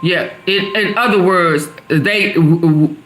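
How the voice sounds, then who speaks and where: A middle-aged woman hosts a casual live stream, answering her viewers' comments as they come in. She talks at an unhurried pace, easy and chatty. Faint music plays quietly underneath her voice. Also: lowish voice. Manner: chatty, answers chat comments aloud, laughs often. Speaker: livestream host.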